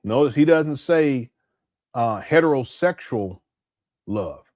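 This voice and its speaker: A man from Southern California hosting a reaction commentary, talking candidly and animatedly with quick asides and restarts. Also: medium pitch, expressive, darkish tone, dry recording. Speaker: commentator and channel host.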